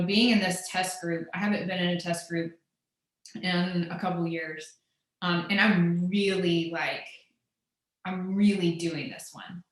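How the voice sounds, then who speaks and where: Woman, coach, low-ish voice, casual candid chat, echoey room. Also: fairly bright tone. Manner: candid, emotional, filler-heavy. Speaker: fitness coach. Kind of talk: casual group call chat.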